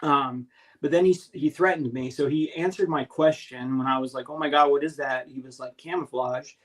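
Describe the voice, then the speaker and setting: A man with a somewhat high voice tells a strange personal story in loose, casual talk. He halts and restarts often, searching for words. His telling is earnest. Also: fairly even intonation, brisk, rough recording. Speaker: guest recounting an encounter.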